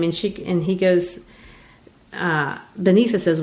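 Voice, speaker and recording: A woman's voice: fairly low pitch, fairly even intonation, normal speed, darkish tone. Chatty woman from Brazil explaining a play. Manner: chatty and explanatory, with frequent restarts. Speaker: podcast host. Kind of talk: casual literature discussion.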